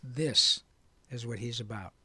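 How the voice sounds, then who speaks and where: A man, a voice actor, telling his story in an interview in an earnest, animated and frank way. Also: mid-range voice, unhurried, slightly rough, dry recording. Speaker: guest voice actor.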